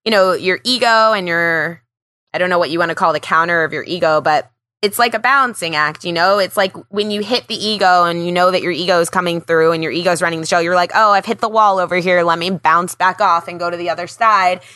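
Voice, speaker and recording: A woman's voice: on the low side, quick pace, bright, forceful tone, dry recording. A young woman hosting a podcast interview, chatty and full of fillers, laughing easily. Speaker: podcast host. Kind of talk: casual interview chat.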